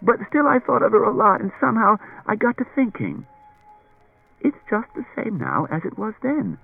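A man's voice: sits high, huge pitch swings, normal speed, gravelly, husky, faint music behind, pitched above the performer's own voice, full character voice. A man reading an audiobook, voicing a chatty, anxious wife who tells stories in a rambling, roundabout way, on a dull lo-fi recording. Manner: rambling, circuitous storytelling.

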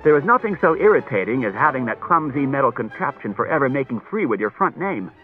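Expressive male audiobook narrator, tinny tape. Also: medium pitch, quick pace. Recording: tinny lo-fi cassette tape with faint music.

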